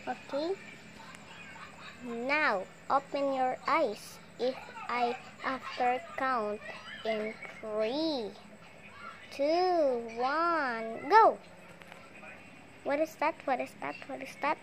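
Woman, toy storyteller, very slow and high, sing-song, faint background hiss. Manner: slow, playful, sing-song with excited squeals. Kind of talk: toy play storytelling with put-on voices.

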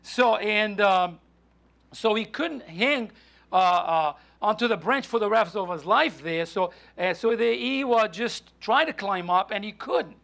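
A man preaching a sermon in a church, halting with frequent restarts and fillers. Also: high-pitched, expressive, creaky, fairly bright tone. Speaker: pastor. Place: church sanctuary.

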